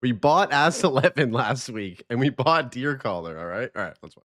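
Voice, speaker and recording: A male streamer in casual live chat, joking and rambling as he greets viewers. His voice has a mid pitch and swings widely in intonation. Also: normal speed. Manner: animated, joking, chatty.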